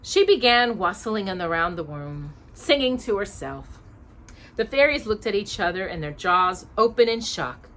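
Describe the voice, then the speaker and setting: A woman reading a storybook aloud to her child in an expressive way, pausing to ask her questions. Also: mid-range voice, a little hiss or hum.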